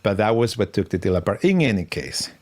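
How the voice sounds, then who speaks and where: Animated man. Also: fairly low pitch, a little fast. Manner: animated storyteller, acts out quotes, swears freely. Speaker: podcast co-host. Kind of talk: casual political chat.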